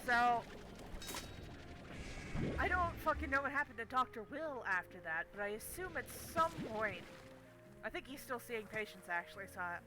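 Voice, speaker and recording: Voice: medium pitch, poor audio. A young adult game streamer telling a story casually while playing, swearing constantly in an exasperated rant.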